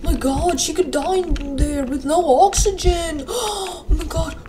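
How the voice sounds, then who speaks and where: A young woman playing a horror game for viewers, excitable and breathless, gasping and squealing as she reacts. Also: very high voice, measured pace, a crowd in the background. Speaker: gaming video creator.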